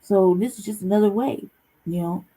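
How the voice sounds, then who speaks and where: A woman hosting her own commentary show, cursing freely and sounding fed up. Her voice is mellow and a little husky. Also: mid-range voice, normal speed, low-quality recording. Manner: blunt, profane, animated ranting with laughs. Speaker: host. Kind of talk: casual commentary vlog.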